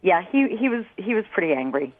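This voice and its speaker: A woman in her forties calling in to a radio show, sheepish and flustered, turning animated as she retells things. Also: lowish voice, fairly quick, a little hiss or hum. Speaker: caller. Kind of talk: phone-in chat on a radio show. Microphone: phone. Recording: tinny phone line.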